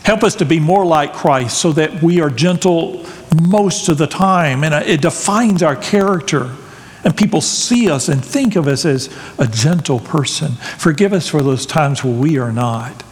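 Pastor preaching, folksy jokes, slightly high voice, long reverb. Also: male voice, animated, a little slow. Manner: conversational with folksy asides and jokes. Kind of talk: sermon.

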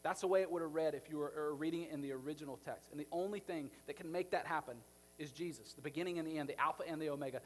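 A man, a pastor, preaching a sermon in a conversational, animated way, acting out the scenes he describes. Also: a little high, racing.

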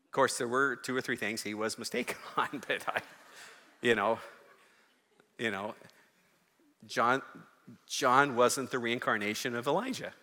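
A man preaching a sermon as a pastor, moving from chatty asides to loud, fervent exhortation. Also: mid-range voice, fairly even intonation, measured pace, pauses often, in a large hall. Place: church.

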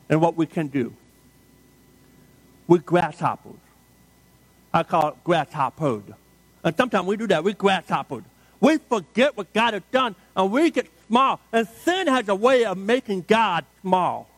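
Male pastor, sermon delivery, emphatic refrains, high pitch, dry sound. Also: fairly bright tone, slightly rough, dry recording. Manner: emphatic, dramatic storytelling with repeated refrains.

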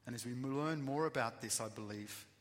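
A man giving a sermon, emphatic, swinging between loud bursts and quiet asides. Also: mid-range voice, a little fast. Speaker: preacher. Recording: long reverb of a hall.

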